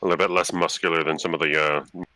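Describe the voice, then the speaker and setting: A man running a tabletop game as game master, narrating casually with many fillers and pauses. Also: sits low, flat delivery, bright, forceful tone, clear, resonant tone, no echo.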